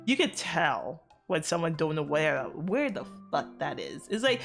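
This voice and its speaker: A woman's voice: low voice, sing-song, unhurried, creaky, soft background music. A woman from the Virgin Islands with a Caribbean accent, chatting casually on stream, rambling, swearing and laughing often. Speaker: VTuber streamer.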